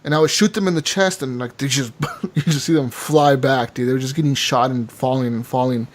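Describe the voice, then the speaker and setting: A man telling game stories on a casual gaming podcast. He talks with loose, excited energy and swears freely, tossing in "dude" and "man" as he goes. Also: mid-range voice, fairly quick. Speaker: podcast co-host.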